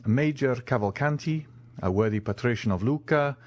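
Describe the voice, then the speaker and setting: A man voicing a suave, commanding count who speaks in a smooth, measured, courteous way. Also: mid-range voice, a little mellow, close to an everyday voice.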